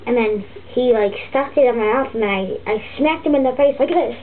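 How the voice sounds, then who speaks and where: A woman voicing a fussy, griping turtle puppet teacher, rambling and halting with many restarts. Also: on the high side, natural voice. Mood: grumbling. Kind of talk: comic puppet vlog monologue. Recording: tinny lo-fi phone-like audio with faint hiss.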